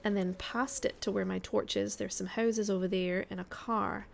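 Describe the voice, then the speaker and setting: Slight background noise sits behind this woman's creaky, mid-range voice, which has fairly even intonation and a normal speed. She is a guest streamer offering casual commentary on a survival game at home, putting on a Scottish accent and poking fun at herself as she muses aloud.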